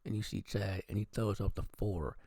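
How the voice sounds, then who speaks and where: A man's voice: lowish voice, fairly even intonation, normal speed, creaky, dark tone, breathy edge, dry recording. A man giving a casual, profane movie review, animatedly acting out the characters' lines.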